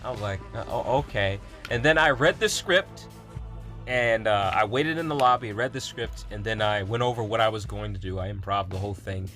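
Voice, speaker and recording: A man's voice: fairly low pitch, brisk, bright, forceful tone, soft background music. A young adult man, a gaming YouTuber, telling a rambling story in a casual vlog with fillers and laughs.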